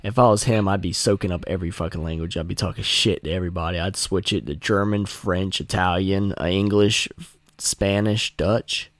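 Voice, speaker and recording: A man's voice: low-pitched, fairly even intonation, brisk, no echo. A man hosting a podcast, rambling and swearing in casual chat. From North Carolina. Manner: rambling, profane, joking. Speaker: podcast host.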